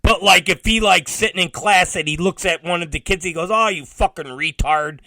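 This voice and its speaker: A man's voice: high-pitched, fairly quick, gravelly, dry recording. A man hosting a podcast, chatting casually, joking and swearing as he tells stories. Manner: profane, joking, animated storyteller. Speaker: podcast host. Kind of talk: casual chat.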